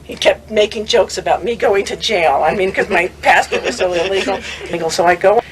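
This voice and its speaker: An older woman recounting her memories in a lively, conversational way, often laughing and acting out what others said. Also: medium pitch, brisk, a little hiss or hum, low-quality recording. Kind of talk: conversational storytelling.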